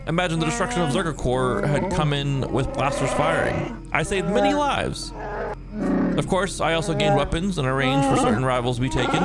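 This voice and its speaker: A man's voice: a little high, natural voice. A man voicing an arrogant, scheming male Wookiee chieftain, pompous and dismissive, reading game dialogue aloud in character.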